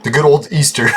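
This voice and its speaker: A man's voice: fairly high pitch, noisy background. A man hosting a gaming channel, rambling through casual gameplay commentary, laughing often and swearing freely.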